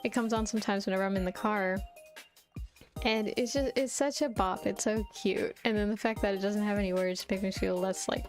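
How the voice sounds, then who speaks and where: A woman's voice: medium pitch, steady tone, brisk. A woman streamer chatting casually and rambling while she plays a video game, laughing often. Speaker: VTuber streamer. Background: faint game music.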